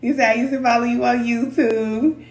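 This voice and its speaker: A woman's voice: fairly high pitch, fairly even intonation, moderate pace, a little mellow, recorded from a distance. Kansas City woman, spiritual reader on a live stream, playful and chatty, roomy echo, a bit off-mic with faint room hum. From Kansas City, USA. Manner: chatty, playful, laughs often, greets viewers as cousins. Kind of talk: casual livestream chat. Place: indoor room, moving around the camera.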